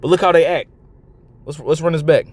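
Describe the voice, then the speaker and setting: A man with a somewhat high voice comments bluntly on a clip and swears freely. He reads scripture verses slowly and deliberately. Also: fairly even intonation, background noise. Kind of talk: reacting to a clip and quoting scripture.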